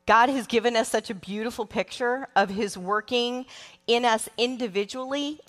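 A woman's voice: on the high side, normal speed, fairly bright tone, soft background music. A middle-aged woman who leads a church's children's ministry, giving a sermon to the congregation in an earnest, emotional way, with frequent ums. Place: large church sanctuary. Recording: long church hall reverb.

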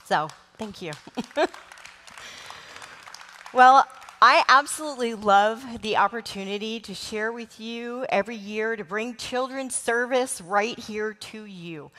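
Middle-aged woman preacher, unhurried and heartfelt, speaking into a stage mic in a reverberant sanctuary. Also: on the high side, some chatter behind. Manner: warm, emotional, slow and earnest with frequent ums. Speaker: children's ministry leader. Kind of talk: church sermon. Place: large church sanctuary. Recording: long church hall reverb.

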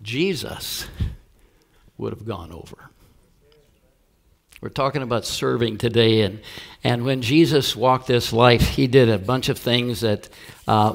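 Man, pastor, sermon, gravelly voice, mid pitch, storytelling. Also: unhurried, long pauses.

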